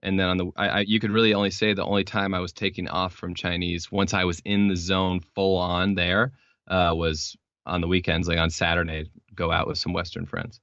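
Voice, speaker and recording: A young man from Texas with a very low voice talks as a podcast guest, circling through his points with plenty of "uh" and "like" and many restarts. The sound is close and dry, and the lo-fi recording makes it a bit dull. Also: flat delivery, a little fast, fairly bright tone, no echo. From Texas, United States. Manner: rambling, explanatory, many fillers and restarts. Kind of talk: casual interview chat.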